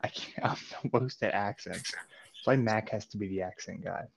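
A man's voice: on the low side, moderate pace, creaky, slight background noise. A man co-hosting a casual comedy chat, laughing often and setting up bits for the others. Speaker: podcast co-host.

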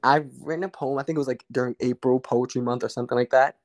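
A man with an ordinary mid-pitched voice tells a story in an easy, candid way. His talk is loose and full of slang. He speaks as a guest on a podcast. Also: fast. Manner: relaxed, candid, uses street slang and profanity. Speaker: guest poet. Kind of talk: casual conversational storytelling.

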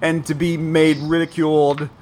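A man in his thirties co-hosting a casual podcast, complaining in an animated, exaggerated way with frequent laughs. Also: fairly high pitch, normal speed, slight background noise. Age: 30s. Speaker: podcast co-host.

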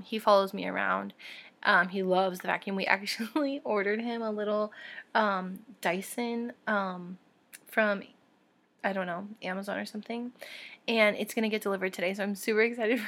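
A young adult woman hosting her own podcast, talking candidly and warmly to listeners with soft laughs and fillers. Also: medium pitch, vocal fry. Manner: heartfelt and encouraging toward listeners. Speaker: podcast host. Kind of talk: casual solo podcast talk.

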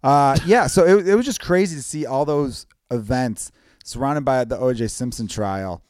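A man co-hosting a podcast in casual, joking chat, animated and quick to laugh. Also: medium pitch, dry recording, clean studio sound. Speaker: podcast co-host.

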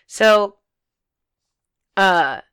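A woman's voice: medium pitch, expressive, very slow, a bit bright, clear, resonant tone. A young woman telling a story in casual podcast chat, blunt and swearing freely, with many fillers.

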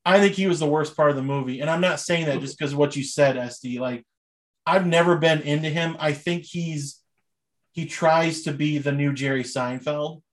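Chatty young man with a higher voice. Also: moderate pace. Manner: rambling, enthusiastic, many fillers. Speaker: podcast host. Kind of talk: casual chat.

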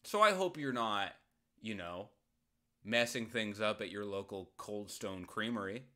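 A man hosting a solo advice podcast, answering a listener's question in a jokey, rambling way with sudden loud outbursts. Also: fairly low pitch, lively intonation, unhurried.

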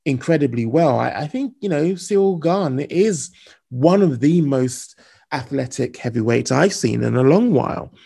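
A podcast co-host in casual sports chat, lively and encouraging, sometimes rushing ahead. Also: medium pitch, gravelly, husky.

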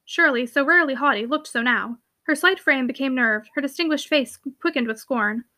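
A woman's voice: high voice, normal speed, pushed and bright, no echo, studio quality. A young woman reading a classic novel aloud, then chatting eagerly about the chapters with plenty of fillers. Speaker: audiobook reader and book commentator.

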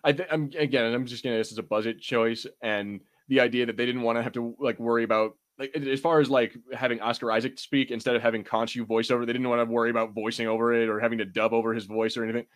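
A young man hosting a podcast in casual chat, animated and quick to curse, his pitch jumping when he gets excited. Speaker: podcast host.

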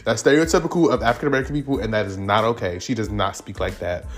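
A man giving casual celebrity gossip commentary, animated and profane, leaping up in pitch for emphasis. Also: rapid-fire, faint music behind. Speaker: commentary vlogger.

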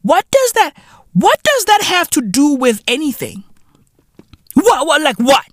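A South African man hosting a podcast, ranting comically with profanity, repeating himself in loud disbelief. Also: very high-pitched, wildly swooping pitch, measured pace, dry recording. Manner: loud, incredulous, repeats himself, swears constantly. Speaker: podcast host. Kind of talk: profane comedic rant.

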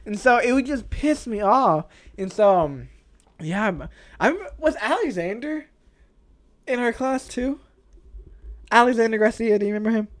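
Animated young man telling stories. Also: sits high, normal speed, long pauses. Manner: animated storyteller, swears, many restarts. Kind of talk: casual chat.

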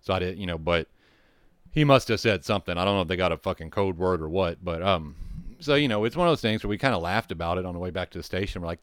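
A man's voice: deep voice, quick pace, smooth, dry recording, studio quality. A man telling a rambling, profane story from his firefighting job, with restarts and asides. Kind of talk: casual storytelling.

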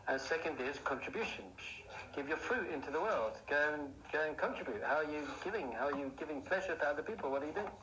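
A man giving a lively Torah class, asking rhetorical questions and building up to excited outbursts. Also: a little high, fast talker. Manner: animated, rhetorical questions, bursts into excited shouting. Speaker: Jewish teacher. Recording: echoey room, faint noise.

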